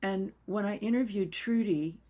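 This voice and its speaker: An older woman dance therapist telling stories in an interview in a reflective, unhurried way, sometimes dropping to a near whisper. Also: medium pitch, dark tone.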